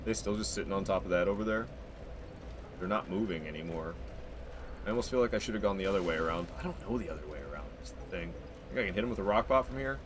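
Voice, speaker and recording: A man streaming a video game, giving excitable live commentary as he plays. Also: deep voice, quick pace, background noise. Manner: excitable, animated, laughing and groaning at the game.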